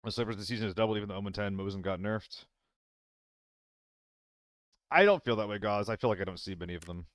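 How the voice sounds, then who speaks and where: A man giving casual commentary while streaming a game, rambling and answering chat, with hiccups and throat clearing. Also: fairly low pitch, fast talker, long pauses, no room sound, clean studio sound.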